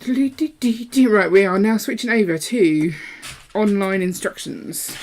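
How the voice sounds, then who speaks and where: A woman's voice: mid-range voice, takes it slowly, noisy background. A woman hosting a live building stream, chatting casually and playfully while she works. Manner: chatty and playful, breaks into song.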